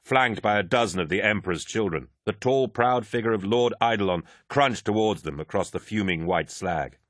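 A man narrating an audiobook in a steady, descriptive reading. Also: on the low side, moderate pace, dry recording, studio quality.

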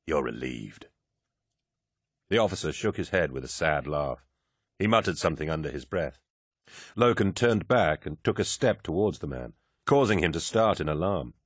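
A man narrating an audiobook in scripted, measured storytelling. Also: low voice, animated, husky, dry recording, studio quality.

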